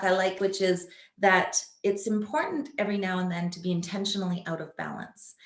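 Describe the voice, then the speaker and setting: Enthusiastic woman in an echoey room. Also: medium pitch. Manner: enthusiastic, persuasive explaining. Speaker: co-host promoting a coaching program. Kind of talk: casual conversational chat.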